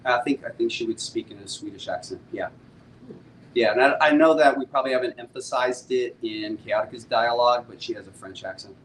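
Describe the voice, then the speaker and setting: A middle-aged man talks casually with his viewers on a live stream, upbeat and full of laid-back slang. His voice sits in an ordinary mid range. A faint rumble hums underneath. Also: a little fast, a bit bright, rough recording. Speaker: comic book publisher hosting a live stream.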